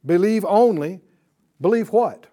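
A man's voice: sits high, lively intonation, unhurried, mellow. A man teaching a Bible class, speaking emphatically, repeating his points and quizzing his students.

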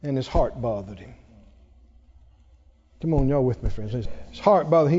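A man's voice: mid-range voice, normal speed, long pauses, dark tone. A man preaching a sermon to his congregation, calling for responses and laughing often. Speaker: pastor. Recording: dull echoey hall recording.

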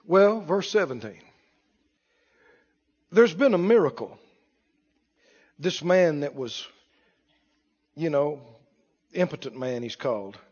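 A man preaching a sermon in call-and-response style, building to shouted emphasis. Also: a little high, slightly rough, big-room sound, highs cut off. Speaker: pastor.

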